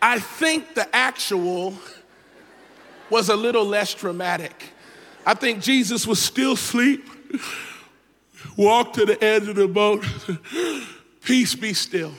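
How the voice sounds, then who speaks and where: A man preaching a sermon as a guest speaker, telling the story with lively humor and playful asides. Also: high-pitched, slow pace, long pauses, in a large hall, a little hiss or hum.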